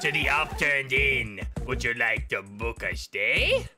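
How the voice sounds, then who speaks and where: A man's voice: mid-range voice, lively intonation, takes it slowly, voice pushed down. A man voicing a pompous, overly polite male innkeeper from a video game, reading his lines in a formal host's manner. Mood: mannered politeness. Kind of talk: reading game dialogue aloud in a voice. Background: game music.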